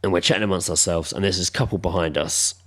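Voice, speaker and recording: A man co-hosting a podcast, telling a pub story in a sweary, animated way. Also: low-pitched, quick pace. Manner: animated and sweary, acting out voices. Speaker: podcast co-host. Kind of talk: casual storytelling chat.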